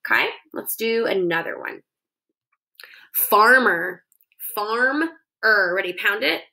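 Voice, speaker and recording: Woman teacher, bright clear tone, patient and encouraging, sounds out syllables for young children. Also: on the high side, sing-song, slow pace, long pauses. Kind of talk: phonics lesson for young children.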